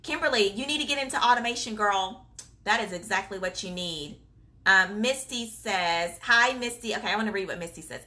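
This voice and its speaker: A woman's voice: mid-range voice, lively intonation, brisk, sharp tone. A woman hosting a casual live-stream Q&A as a childcare business coach, chatty and encouraging. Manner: chatty and encouraging, many fillers, reads viewer comments aloud.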